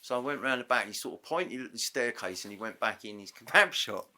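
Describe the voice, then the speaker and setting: A man guest on a podcast, telling a story casually and acting out the dialogue with quick self-corrections. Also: medium pitch, animated, bright, forceful tone. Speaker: interview guest. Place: podcast studio.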